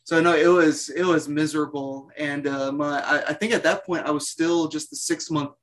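A man telling a long work story in a rambling, animated way, full of "like" fillers. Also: fairly high pitch, moderate pace. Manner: animated, self-mocking storyteller. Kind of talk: casual storytelling.

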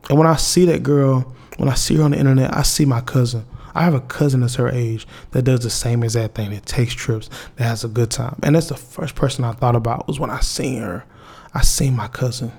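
Young guy rambling to his viewers, candid, lots of slang and restarts, mid-pitched voice. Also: fairly even intonation, fairly quick, gravelly, darkish tone, slightly rough. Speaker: vlogger. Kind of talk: casual heartfelt monologue to viewers.

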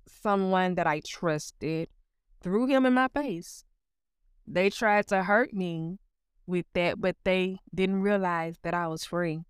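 A woman's voice: on the low side, clean tone, no echo, clean studio sound. A woman giving a personal spiritual testimony in an earnest way, calling the listener honey. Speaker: testimony speaker.

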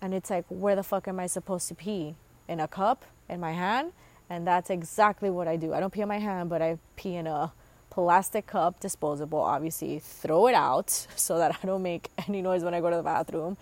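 Casual solo vlog host: a young woman with a lowish voice, crude and rambling, heavy on fillers. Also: fairly quick. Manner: rambling and profane, with lots of fillers. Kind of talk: casual storytelling monologue.

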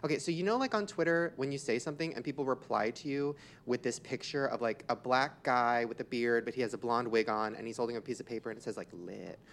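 A young man hosting a podcast, telling gossipy stories in an excitable, casual way with a lot of swearing. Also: medium pitch, fast, hardly any pauses, slight background noise. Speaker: podcast host.

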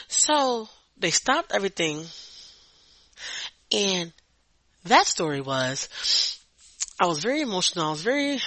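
A young adult man tells a story on his podcast. He swears freely and stumbles over repeated words as he vents. His voice is bright and pushing, with a dry sound and no room echo. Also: sits high. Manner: profane, blunt, repeats words while venting. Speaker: podcast host. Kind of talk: casual storytelling monologue.

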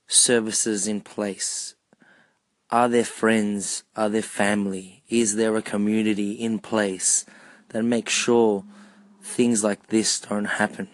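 A man giving a personal monologue, asking repeated rhetorical questions in a measured, deliberate way. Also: lowish voice, dry recording.

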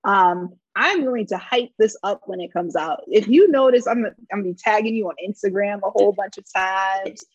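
An eager woman guest gushes about her visit to a podcast, repeating herself in excitement. Her voice is slightly husky in a middle pitch and sounds dry and close. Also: moderate pace, few pauses, dry recording, muffled recording. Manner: excited and enthusiastic, repeats words. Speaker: podcast guest, game creator. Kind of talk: casual podcast chat.

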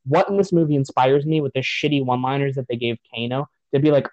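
A man's voice: medium pitch, quick pace, a little mellow, no room sound, muffled recording. A man on a podcast giving a profane, sarcastic rant about a movie in casual chat. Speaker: podcast host.

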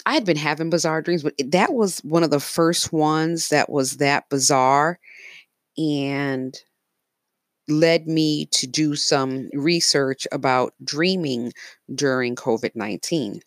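A woman's voice: low voice, slow, no echo. A woman casually narrating her dreams, rambling with fillers and restarts. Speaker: storyteller.

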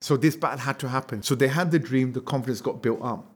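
A man teaching an Islamic history lesson as an animated storyteller, acting out quotes and throwing rhetorical questions at his listeners. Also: medium pitch, fast, slightly rough. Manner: asks the audience rhetorical questions. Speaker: religious teacher.

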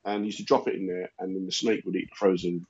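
A man chatting casually, riffing on absurd comic rants with a deadpan delivery. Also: sits low, fast, slightly rough. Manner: deadpan rambling jokes, repeats lines. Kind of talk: casual comedic chat. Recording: dull lo-fi sound.

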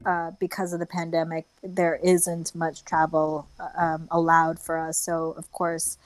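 Chatty American woman, low voice. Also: monotone, measured pace, dry recording, rough recording. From United States. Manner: chatty, laughing, many filler words. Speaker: guest, travel blogger. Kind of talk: casual chat.

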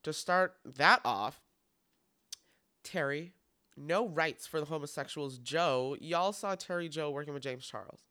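A man in his twenties hosts a solo podcast, dishing out sassy, campy, profane commentary. His voice is bright and crisp, with a smooth, clean tone. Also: on the high side, measured pace. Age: 20s. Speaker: podcast host.

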